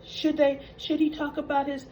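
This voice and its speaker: A woman's voice: high-pitched, completely flat delivery, normal speed, a little mellow, highs cut off, slight background noise. A woman hosting a soap opera recap, retelling scenes in a chatty, opinionated way.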